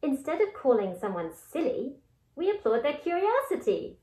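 A woman's voice: high-pitched, very animated, normal speed, dark tone. A young woman hosting an upbeat scripted vlog, playful and theatrical, with bursts of mock outrage. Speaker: host. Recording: roomy indoor sound.

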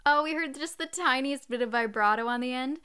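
Bright-toned woman vocal coach. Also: high voice, a little fast, clean tone, faint music behind. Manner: chatty, demonstrates by singing short phrases. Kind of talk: live-streamed singing lesson.

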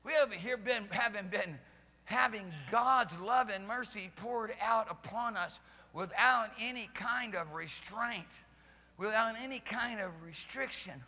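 A male pastor preaching a charismatic sermon at a church service, fervent, swinging from loud shouts to soft pleading. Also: sits high, unhurried, big-room sound. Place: church sanctuary during a service.

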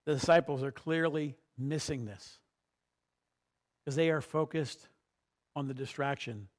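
Man, pastor, sermon, storytelling, emphatic peaks, fairly high voice. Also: a little slow.

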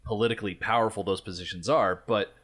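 A man on a podcast laying out his reasoning in a measured, explanatory way. His voice sits a little low, and he keeps an even pace through the point. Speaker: podcast co-host. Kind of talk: casual chat.

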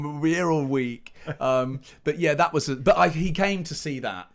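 A man, a pantomime performer chatting as an interview guest, telling animated anecdotes and restarting as he searches for words. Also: on the high side, normal speed, few pauses. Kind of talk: casual interview chat.

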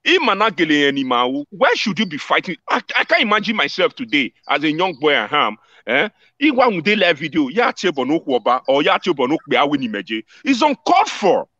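A man's voice: fairly high pitch, big pitch swings, brisk, few pauses, sharp tone, no room sound, dull audio. A man with a Nigerian accent talking animatedly, mixing English with local words. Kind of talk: casual Nigerian Pidgin live chat.

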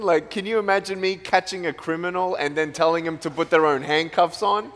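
Brisk and barely pausing, an Australian motivational speaker with a fairly high-pitched voice entertains students in a large school hall. His talk is full of jokes and playful, animated storytelling.

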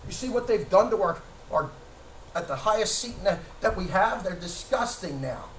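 Male pastor, very high voice, emphatic sermon delivery, heard from far off in a reverberant church, faint background hum. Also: expressive, normal speed. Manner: emphatic, rhetorical questions, occasional shouting. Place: church sanctuary. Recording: echoey church from a distance.

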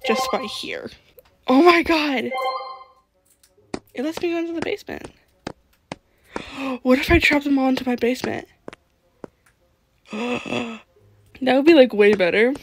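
A woman's voice: high-pitched, unhurried, pauses often, background noise. A woman hosting a gaming channel, chatting casually and giggling as she talks to the characters in her game. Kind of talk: casual gameplay commentary.

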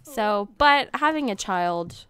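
A woman's voice: medium pitch, lively intonation, slow, a bit bright. A woman giving casual, joking gameplay commentary, sarcastic and giggly, with the odd swear. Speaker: let's play host.

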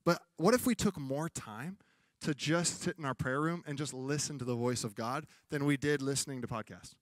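Delivering his sermon at a moderate pace, this male pastor has a medium-pitched voice and speaks conversationally, dramatizing humorous back-and-forths. Clean, dry studio sound.

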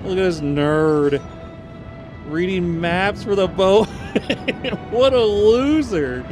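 A man giving loud, excitable commentary while playing a video game, full of exclamations and laughter. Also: high-pitched, very slow. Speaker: gaming streamer. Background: game music.

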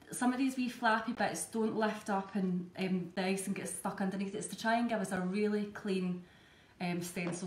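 A woman with a Scottish accent, chatting her way step by step through a live cake-decorating demonstration. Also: medium pitch. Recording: echoey room, faint background ambience.

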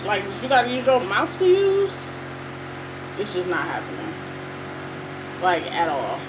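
A woman's voice: mid-range voice, noisy background. A young woman with a Cleveland accent giving chatty, rambling gameplay commentary straight to her viewers. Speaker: gaming YouTuber. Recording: voice over loud game sounds.

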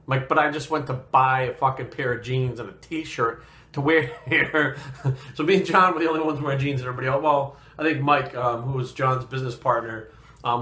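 A man's voice: mid-range voice, bright, forceful tone, reverberant. A man from New England telling a rambling personal story in casual, profanity-heavy talk. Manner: profane and rambling, swears constantly. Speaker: fitness vlogger.

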